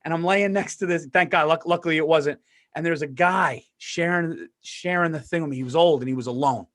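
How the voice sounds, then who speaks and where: A man co-hosting a podcast and telling a story in casual talk, animated and profane, swearing oaths and acting out the people in it. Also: on the high side, fairly quick. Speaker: podcast co-host.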